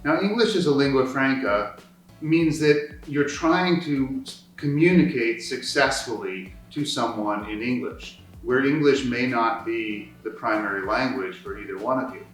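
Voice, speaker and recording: A man's voice: medium pitch, a little slow. A man co-teaching a course, introducing the topic with a plain explanation. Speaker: course co-instructor. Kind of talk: teaching dialogue. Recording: roomy echo, distant mic, faint music.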